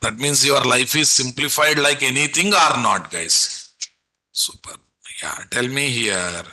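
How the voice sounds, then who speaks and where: A man's voice: mid-range voice, animated, unhurried, sharp tone, rough recording. A man teaching a live online class, repeatedly quizzing his students with rhetorical questions and coaxing them along. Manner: repetitive, coaxing teacherly delivery. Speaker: programming instructor.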